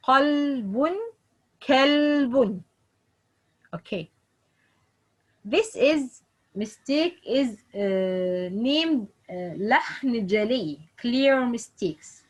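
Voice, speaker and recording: A woman teaching Quran recitation in slow, repetitive English with phrasing. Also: a little high, poor audio. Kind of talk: online lesson.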